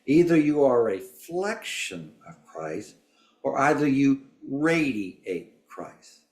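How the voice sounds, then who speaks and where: A man's voice: mid-range voice, very animated, slow, darkish tone. A man taking part in a Bible class discussion, reflective and explaining with everyday examples. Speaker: class participant. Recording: roomy church classroom.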